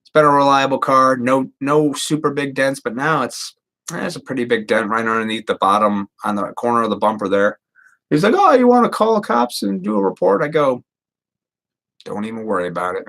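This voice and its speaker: A man's voice: medium pitch, fairly bright tone. A man in his thirties rambling casually and profanely to viewers on a live stream. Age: 30s.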